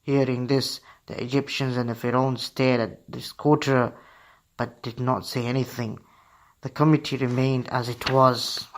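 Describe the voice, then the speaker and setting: A male radio host tells a story to children in a steady, read-aloud manner. His voice sits at a mid pitch, plain and even. He stumbles now and then over a word but keeps going. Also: unhurried. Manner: steady reading aloud with slips.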